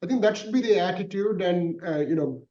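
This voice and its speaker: A man, speaking measured panel remarks full of "you know". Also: sits high, lively intonation, dark tone. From India. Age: 50s. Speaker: panelist, university leader. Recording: distant, roomy, muffled audio.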